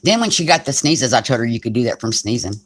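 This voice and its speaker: Over a noisy background, a woman with a very deep voice talks fast and animatedly. She runs a craft channel, swapping joking stories on a casual livestream and laughing a lot.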